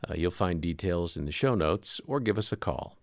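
A male radio host reads a scripted lead-in at a measured, steady pace. His voice sits a little low. The studio sound is dry and close. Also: no echo.

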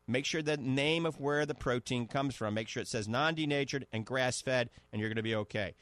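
A man hosting a radio health show, pitching products and repeating prices and names. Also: moderate pace, fairly bright tone, dry recording.

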